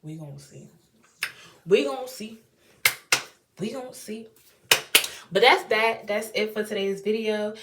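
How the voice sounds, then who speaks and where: A young woman from Washington, D.C., with a D.C. accent, chatting in a casual unboxing vlog in her home bathroom. She talks in lively slang, with big swings in pitch and loudness. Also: a little hiss or hum. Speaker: beauty vlogger.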